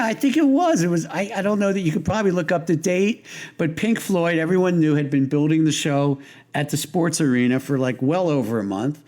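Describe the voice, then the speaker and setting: A man's voice: mid-range voice, darkish tone. An older man being interviewed, telling long stories in a rambling, amused way, often restarting his sentences. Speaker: interview guest. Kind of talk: casual storytelling interview.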